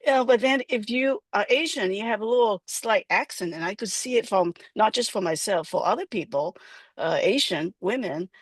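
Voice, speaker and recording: A woman on a discussion panel speaks at a moderate pitch, in a measured way with frequent pauses and fillers. The sound is dry and close. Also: lively intonation, dry recording.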